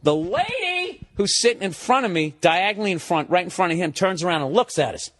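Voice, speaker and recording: A man's voice: sits high, very animated, fairly quick, fairly bright tone, no echo. A man hosting a podcast, telling a story in a profane, sarcastic way and acting out both sides of an argument. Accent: Boston. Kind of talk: casual storytelling monologue.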